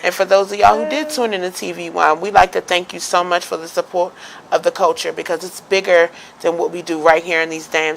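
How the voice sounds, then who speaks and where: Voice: mid-range voice, vocal fry, a bit bright, low-quality recording. A talk show host, arguing emphatically in casual debate and signing off the show. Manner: emphatic, argumentative, stammers into points.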